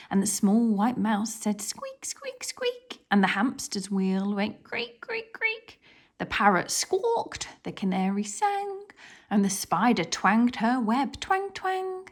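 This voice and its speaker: A woman reads a children's picture book aloud, lingering on each phrase. Her voice swings widely in pitch as she tells the story, and she drops into a soft whisper for some passages.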